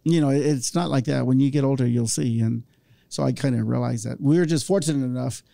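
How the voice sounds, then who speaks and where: With a mid-range, gravelly, mellow voice and a quick pace, this Orange County, California man hosts a laid-back podcast. There's no echo as he spins anecdotes, performing the voices of the people in them.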